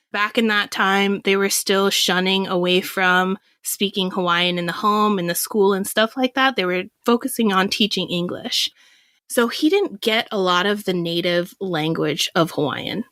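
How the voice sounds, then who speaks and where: A woman's voice: medium pitch, measured pace, no room sound, clean studio sound. A woman in her thirties from Washington State, a podcast guest telling personal stories, acting out what people said and laughing often. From Washington State, USA. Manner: lively, acts out quoted voices, laughs often. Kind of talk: candid personal storytelling.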